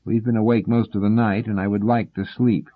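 Wry scholarly man, read by a husky narrator. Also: on the low side, little pitch movement, a little fast. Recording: tinny phone-like sound.

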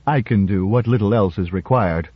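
Man playing a wry confident lawyer, slightly raised voice, husky, dull dry radio sound. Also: lowish voice, moderate pace, no room sound. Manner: wry, self-assured, gently teasing. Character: smooth, confident male lawyer politician. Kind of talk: radio story reading.

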